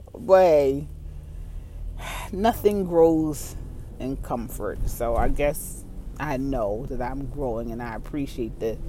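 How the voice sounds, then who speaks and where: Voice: medium pitch, dark tone, slight background noise. Candid, profane East Coast vlogger voice. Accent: Baltimore and New York blend. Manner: candid, profane, laughs often, repeats phrases. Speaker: solo vlogger. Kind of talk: casual rambling monologue.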